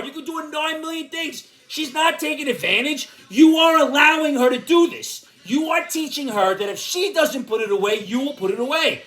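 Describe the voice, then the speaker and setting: A man's voice: very high voice, moderate pace, few pauses, soft background music. An older man with an Irish accent, ranting bluntly through opinions and advice on his own show. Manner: blunt, animated, angry rants, shouts at times. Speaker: vlog host giving opinions and advice. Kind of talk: ranting commentary and advice column.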